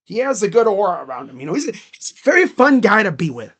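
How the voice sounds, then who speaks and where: A man with a fairly high voice calls a basketball game live for his stream. He talks casually and rambles between plays, saying "like" a lot. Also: very animated, fast, a bit bright. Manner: casual, rambling, heavy use of "like". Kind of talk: live play-by-play reaction commentary.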